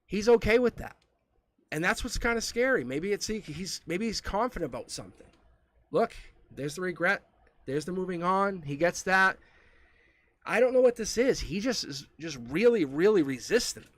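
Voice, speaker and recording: A man with a slightly higher-than-average voice reads tarot on a live stream. He talks right to the viewer in a loose, chatty way and laughs softly as he goes. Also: expressive, moderate pace. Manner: chatty, addresses the viewer directly, chuckles often. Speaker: tarot reader.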